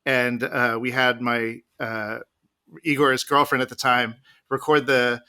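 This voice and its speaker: Bright-voiced guy rambling thru his bar stories, lots of restarts. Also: mid-range voice, level tone, slow pace, smooth. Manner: rambling, many restarts, laughs while telling stories. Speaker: podcast guest, bartender. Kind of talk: casual storytelling interview.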